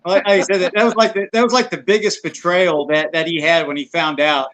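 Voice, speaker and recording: A man telling a story in a relaxed, casual way, stumbling over his words and repeating himself. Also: sits high, fairly quick, poor audio. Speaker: podcast co-host.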